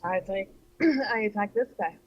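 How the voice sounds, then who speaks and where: A tabletop player declaring attacks in casual chat, blunt and quick to swear. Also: mid-range voice, muffled recording.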